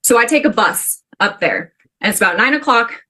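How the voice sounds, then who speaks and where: A woman from the Pacific Northwest telling a personal story to a class in an animated, chatty way, full of "like". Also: on the high side, moderate pace. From Pacific Northwest, USA. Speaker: student storyteller.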